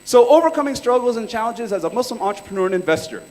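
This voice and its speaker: Man, 30s, from California, casual workshop speaker, slangy storytelling, high-pitched, echoing hall. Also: sing-song, very fast, a little mellow. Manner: laid-back, chatty storytelling with slang. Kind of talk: casual live presentation. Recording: reverberant hall.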